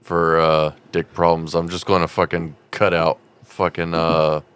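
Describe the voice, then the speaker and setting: A man's voice: low voice, flat delivery, a little slow, fairly bright tone, clean tone. A man co-hosting a comedy podcast, explaining things matter-of-factly in casual chat, sometimes stumbling and restarting his words. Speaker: podcast co-host.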